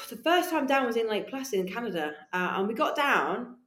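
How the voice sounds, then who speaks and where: Lively woman guest, kinda high voice, swears a lot telling her story, roomy echo. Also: moderate pace. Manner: animated, swears freely, acts out her own past voice. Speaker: podcast guest. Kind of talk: casual storytelling chat. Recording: echoey room.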